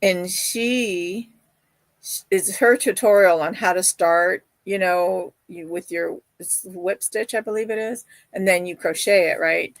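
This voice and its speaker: In no hurry, a low-voiced woman chats her way through a crochet livestream, reading comments from viewers and telling filler-laden stories in which she quotes other people's voices. Her streaming setup picks up no echo.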